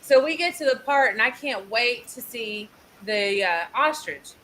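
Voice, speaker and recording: A woman hosting a casual video-call chat, telling a story in a loud, animated way. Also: fairly high pitch, a little slow, slight background noise, low-quality recording. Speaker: host.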